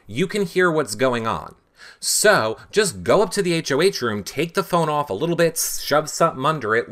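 A man hosting a casual recap show. He is tired and animated, and he mimics people in high voices. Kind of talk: casual commentary with impressions.

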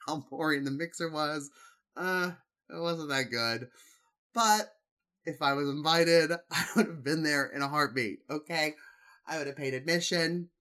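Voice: mid-range voice, sharp tone. A host reading reality TV cast blogs aloud and adding snarky, gossipy commentary full of "like" and "I mean," with laughs between jokes. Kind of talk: comedic commentary and blog reading.

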